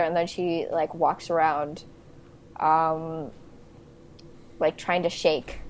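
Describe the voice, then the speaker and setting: Speaking slowly in a deep voice that barely shifts in pitch, the young woman co-hosting the podcast goes over a movie's plot in a casual way. She laughs frequently and leans on "like" and "um," and a slight hiss or hum is audible.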